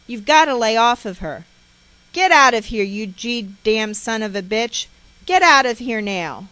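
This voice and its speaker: A woman voicing a stern father who shouts orders at his wife, raised and forceful. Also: fairly low pitch, slow, no room sound, low-quality recording. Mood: angry. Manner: stern, commanding.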